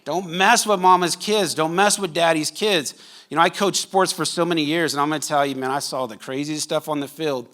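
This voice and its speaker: A male pastor preaches in a church in a loose, conversational way, teasing the congregation between points. His voice sits a little higher than most men's. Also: brisk, fairly bright tone. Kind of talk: sermon. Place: church sanctuary.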